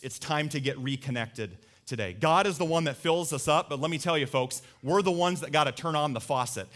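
Man in his 30s, pastor type, bright forward voice, animated storyteller, sits a touch high for a man. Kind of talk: sermon. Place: church sanctuary with live congregation.

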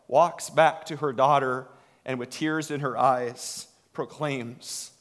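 A man preaching a sermon in a slow, dramatic way, dropping to a hush and swelling again. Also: mid-range voice. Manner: slow, dramatic delivery with hushed drops and swells. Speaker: pastor. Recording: long hall reverb.

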